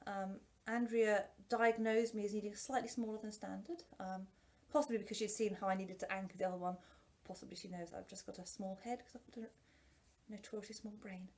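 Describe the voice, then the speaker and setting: A woman's voice: mid-range voice, fairly even intonation, a little fast, darkish tone. A woman and singing teacher chatting through a face mask, self-deprecating and full of restarts, her voice a little muffled. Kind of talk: casual product review.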